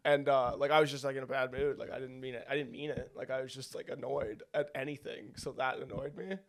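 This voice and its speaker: A man co-hosting a casual comedy podcast, with quick talk and a gravelly, creaky edge. He rambles and leans heavily on filler words. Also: mid-range voice, level tone. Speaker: podcast co-host.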